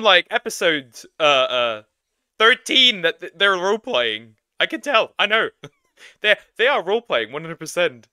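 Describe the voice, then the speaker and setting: A man's voice: a little high, big pitch swings, normal speed, pushed and bright, clear, resonant tone, no room sound, clean studio sound. A man casually commenting on a cartoon he is watching, rambling and self-interrupting with frequent laughter. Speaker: reaction video host.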